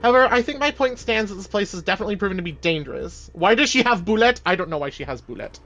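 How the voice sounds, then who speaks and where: A man streaming a game playthrough, reading the game's dialogue aloud in put-on British voices and reacting with excited swearing. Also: high voice, fast talker, highs cut off, soft background music.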